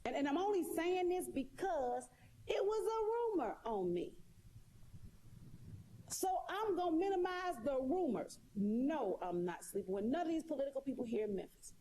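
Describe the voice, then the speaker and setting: A woman's voice: high voice, big pitch swings, normal speed, mellow. A woman talking straight to her viewers in a casual monologue, sassy and emphatic, repeating her points. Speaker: live streamer.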